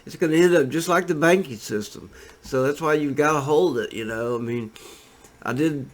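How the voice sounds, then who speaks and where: A man's voice: a little high, normal speed. A man giving casual, rambling commentary on trading charts, laid-back and full of fillers and restarts. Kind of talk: casual screen-share commentary.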